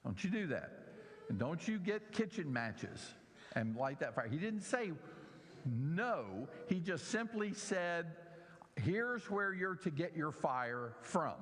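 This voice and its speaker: A man leads a Bible lesson in a church hall, speaking slowly and stressing each important word. His pitch sits a little high and swings widely as he explains and questions his listeners. A long reverb trails behind him in the room. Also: big pitch swings, a bit bright, a little hiss or hum. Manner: slow, emphatic teaching with audience questions. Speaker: Bible teacher.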